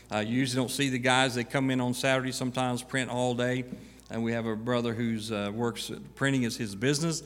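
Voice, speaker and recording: A man's voice: medium pitch, a bit bright. A man giving earnest thank-you remarks to a church congregation, plain and with fillers. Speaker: guest church worker. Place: church sanctuary. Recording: reverberant church hall.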